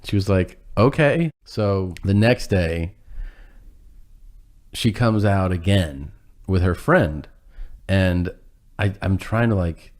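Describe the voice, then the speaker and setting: A man's voice: low voice, slow pace, pauses often, darkish tone. A man telling a rambling, self-deprecating story in casual chat, acting out what people said and laughing as he goes.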